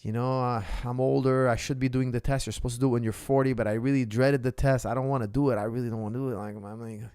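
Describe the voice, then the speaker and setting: A man's voice: mid-range voice, steady tone, quick pace, darkish tone, clean tone, dry recording, studio quality. A man in his forties, a martial arts coach, answering viewer questions in an emphatic way and often checking in with "okay?". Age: 40s.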